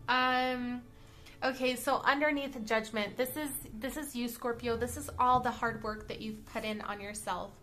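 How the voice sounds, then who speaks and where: A woman's voice: on the high side, fairly even intonation, moderate pace, pushed and bright, faint music behind. A woman giving a casual tarot card reading, chatty and blunt, who keeps checking in with "okay?" and "all right?". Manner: blunt, with the odd swear word. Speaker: tarot reader.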